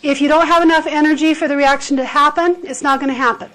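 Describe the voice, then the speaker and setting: A woman's voice: sits high, fairly even intonation, fast, fairly bright tone, poor audio. A woman teacher giving a chemistry lecture to a class, explaining with everyday comparisons and checking in with "okay?". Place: high school classroom.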